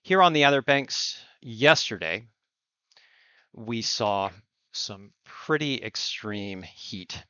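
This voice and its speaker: A man hosting a surf and climate report, speaking in earnest, emphatic commentary with deliberate phrasing. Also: lowish voice, animated, pushed and bright, clean tone, no echo. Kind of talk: impassioned spoken commentary. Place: Outer Banks coast. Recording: dull lo-fi recording.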